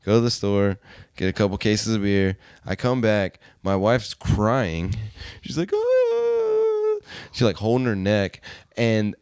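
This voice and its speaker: A Southern man with a very low, smooth voice, cursing his way through an animated story on a podcast. He sounds dry and close, with no room around him. It is loose, casual chat among friends. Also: unhurried, hardly any pauses, no room sound. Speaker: podcast co-host.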